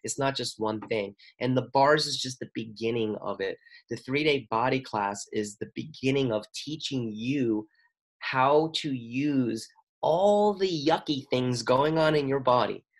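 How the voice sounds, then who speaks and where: A man who works as a chiropractor and facilitator, telling a personal story in an interview in an earnest, expressive way that rambles, acting out the voices he quotes. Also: medium pitch, unhurried. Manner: rambling and apologetic about talking a lot.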